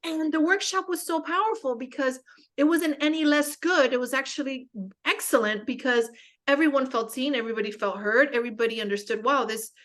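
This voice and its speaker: A young woman with a fairly high voice talks as a guest on a casual spiritual show. She tells stories in a candid, self-mocking way and often stops to restart her sentences with fillers. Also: fairly quick, a bit bright.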